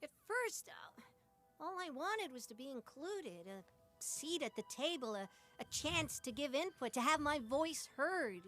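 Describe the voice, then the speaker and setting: A woman's voice: high voice, sing-song, measured pace, a bit bright, soft background music, heavily acted. Woman voicing Toku, whiny little creature villain. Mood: pleading. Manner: whiny, then gloating and boastful. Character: small scheming male creature villain.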